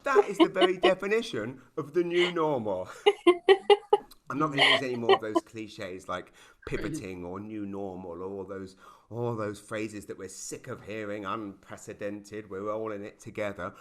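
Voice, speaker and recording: A middle-aged British man doing a stand-up routine over a video call, telling stories with quick asides and punchy lines. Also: lowish voice. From Britain. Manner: animated storytelling with quick asides and sudden loud punchlines. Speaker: stand-up comedian. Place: home in a small town, performing over a video call.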